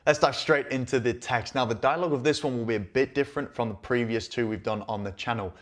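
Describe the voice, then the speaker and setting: A man's voice: medium pitch, fast. A man hosting a Spanish lesson, explaining each line and checking in with listeners often. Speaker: Spanish teacher and channel host. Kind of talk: language lesson.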